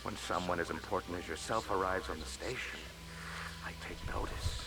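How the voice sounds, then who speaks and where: An actor voicing a polite, scheming male alien financial agent in a video game, speaking in a courteous, formal, flattering way. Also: deep voice, moderate pace, natural voice. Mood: smooth formal. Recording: noisy game audio capture.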